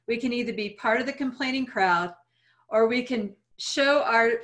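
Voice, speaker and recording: A woman's voice: a little high, moderate pace, a bit bright. A woman in her forties, a guest in an interview, talking earnestly and reflectively with light laughs. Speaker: guest speaker. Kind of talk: interview conversation.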